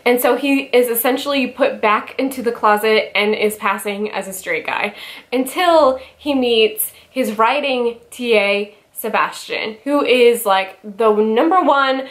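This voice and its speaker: A woman's voice: on the high side, a little slow. A young woman gushing about a favorite book in a casual vlog, getting tearful and emotional as she talks, with many fillers. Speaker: book vlogger.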